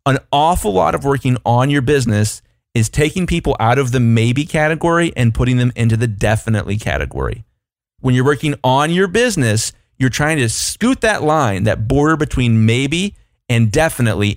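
A man co-hosting a business podcast, talking with a lively, swooping pitch that jumps up whenever he mimics a client. The sound is close and dry, with no room around it. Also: no room sound. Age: adult, past his younger years. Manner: animated, acts out imagined clients in shifting voices. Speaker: podcast co-host. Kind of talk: casual business podcast chat.

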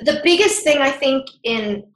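A woman's voice: high voice, animated, a little slow, fairly bright tone. Woman guest, earnest and open, talks in a casual, candid way; roomy echo on the voice. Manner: earnest and open, with frequent "like" fillers. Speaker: podcast guest. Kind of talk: candid conversational interview.

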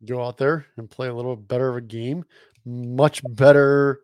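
A man's voice: mid-range voice, fairly even intonation, normal speed, a little mellow, clean tone, no room sound. Joking man with a dry, close sound. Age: 40s. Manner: joking, laughing, swearing. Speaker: podcast co-host. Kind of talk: casual chat.

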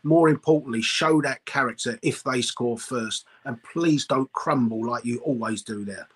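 A man's voice: mid-range voice, slightly rough. A man on a football fan show, speaking earnestly and pleading in casual chat. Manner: earnest, pleading, drawn-out phrasing.

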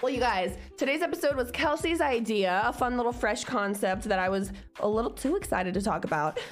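A woman's voice: a little high, expressive, brisk, faint music behind. A young woman co-hosting a podcast, chatting casually in a loose, profane, confident pep-talk manner. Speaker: podcast co-host. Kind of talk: casual chat.

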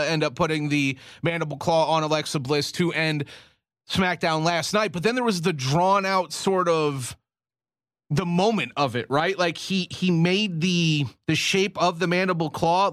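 A man co-hosting a sports radio show, chatting casually, animated and laughing often. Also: sits high, dry recording, clean studio sound.

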